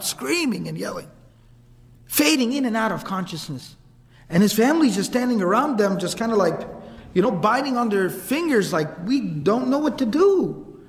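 A man preaching a story in a lively, dramatic manner, often acting out the people in it. His voice sits high and bright. A long hall reverb trails after his words. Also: moderate pace. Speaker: preacher narrating seerah. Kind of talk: storytelling sermon.

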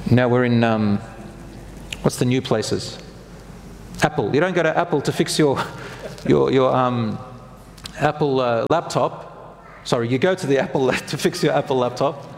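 A man's voice: a little high, long reverb tail, slight background noise. A man preaching a sermon who keeps asking his listeners questions and joking with them. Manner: asks the audience questions, jokes with them.

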